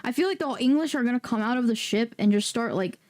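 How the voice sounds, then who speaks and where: A woman's voice: a little high, quick pace, a little mellow. A young woman streaming a game, chatting casually in a rambling, jokey, profane way. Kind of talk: casual livestream chat.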